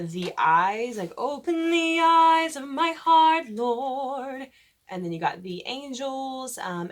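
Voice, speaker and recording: A woman voice teacher explaining diction rules for church cantors and demonstrating vowel shapes. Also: on the low side. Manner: explains patiently, breaks into sung vowel examples. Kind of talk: instructional talk with sung demonstrations.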